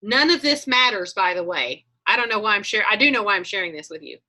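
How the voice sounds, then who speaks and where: Lady coaching over a video call, bright voice, chatty and animated. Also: medium pitch, fast. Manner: chatty storyteller, animated, acts out her own thoughts. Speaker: coaching group leader.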